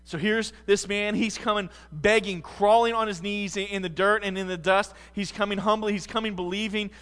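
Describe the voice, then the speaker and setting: Male pastor, American, dynamic sermon, quiet to loud swings, slightly high voice, long hall reverb. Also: fairly even intonation, normal speed, smooth.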